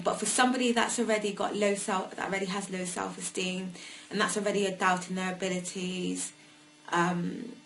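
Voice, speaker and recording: A woman's voice: medium pitch, bright, forceful tone, a little hiss or hum, rough recording. Hesitant young woman recounting. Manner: hesitant, with many fillers. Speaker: survivor sharing her story. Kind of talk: personal testimony.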